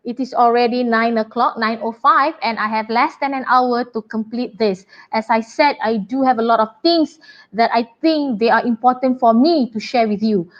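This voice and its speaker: A woman teaching an online writing lesson, brisk and chatty as she talks to her pupils. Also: on the high side, muffled recording. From Malaysia. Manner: brisk, chatty and apologetic, addressing pupils warmly. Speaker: English teacher.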